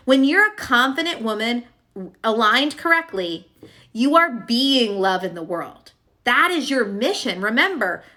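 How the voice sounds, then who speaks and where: Bright, chatty young woman coach. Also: a little high. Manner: chatty and emphatic, full of "like" and "okay?". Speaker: love coach. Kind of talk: casual teaching monologue to camera.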